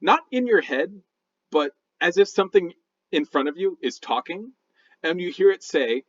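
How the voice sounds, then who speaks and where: Lively high-voiced male game master. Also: normal speed, highs cut off. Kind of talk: narrating a tabletop game.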